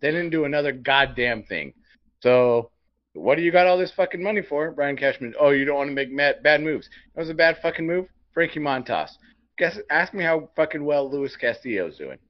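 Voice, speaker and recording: A man on a sports podcast, ranting with fire and swearing in nearly every sentence. His voice sits a little high for a man. The audio is dull and lo-fi. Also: lively intonation, a little fast. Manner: profane, fired-up ranting. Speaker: podcast co-host. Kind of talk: heated sports rant.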